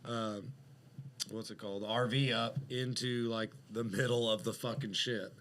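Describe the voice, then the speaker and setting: A man's voice: mid-range voice, fairly even intonation, measured pace, a bit bright, a little hiss or hum. A man on a podcast telling a long story in casual chat, rambling and profane, with lots of fillers. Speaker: podcast co-host.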